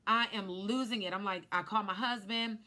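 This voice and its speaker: Bright-voiced woman telling a story. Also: medium pitch, normal speed. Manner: animated storyteller who acts out quotes. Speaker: life insurance agent. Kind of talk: personal storytelling vlog.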